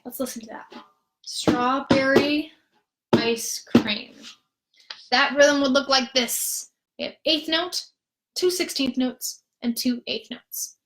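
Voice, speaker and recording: Minnesotan woman, music therapist; unhurried, slightly high voice, counts in and chants the beats. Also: background noise. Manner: slow, patient, counts in and chants food words as rhythms. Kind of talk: rhythm lesson on a live stream.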